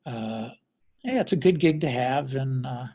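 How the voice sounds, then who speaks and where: Husky, gravelly middle-aged man telling stories. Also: medium pitch, lively intonation, unhurried, mellow, highs cut off. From American Midwest. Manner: rambling, self-correcting anecdotes with acted quotes. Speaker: drummer, interview guest. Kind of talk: casual storytelling interview.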